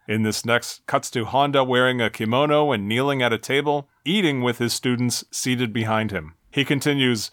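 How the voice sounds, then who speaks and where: A man's voice: moderate pace, hardly any pauses, no echo, studio quality. A man co-hosting a casual chat, recounting video game ending scenes and acting out the quoted lines. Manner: animated storyteller, acts out quoted lines in shifting pitch. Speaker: podcast co-host.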